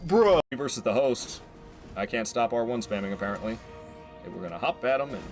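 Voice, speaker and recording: A man casually chatting through a game stream, excitable and prone to swearing, swinging from mumbles to loud outbursts, recorded in a room at home. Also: medium pitch, brisk, faint music behind. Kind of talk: casual gameplay commentary.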